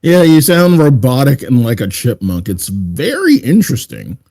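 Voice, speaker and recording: A man's voice: medium pitch, wildly swooping pitch, moderate pace, warm tone. A man co-hosting a casual podcast over a headset, laid-back and teasing. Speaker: podcast co-host. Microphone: headset on a call.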